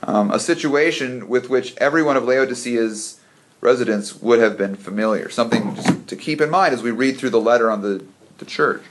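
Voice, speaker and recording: A man's voice: mid-range voice, brisk, background noise. A man leading an informal church Bible study for a small group, chatty and prone to stumbling over words.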